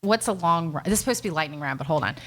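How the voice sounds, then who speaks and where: A middle-aged woman with a bright, sharp voice. She hosts a bookstore event, chatty and excitable, jumping in quickly, with a faint hiss in the background. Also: low-pitched. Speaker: event host and interviewer. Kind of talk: casual onstage conversation. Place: bookstore event before an audience.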